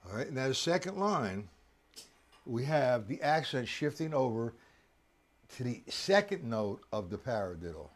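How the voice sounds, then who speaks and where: A man teaching drums on a live stream, chatty and coaxing, counting beats aloud with loud accents on the downbeats. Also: mid-range voice. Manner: chatty, coaxing, addresses viewers directly. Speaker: drum teacher. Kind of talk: live-streamed drum lesson.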